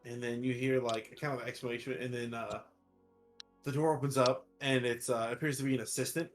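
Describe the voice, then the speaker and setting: A man's voice: mid-range voice, steady tone, fairly quick, faint music behind. A man narrating as game master of a tabletop game, rambling casually and swearing freely.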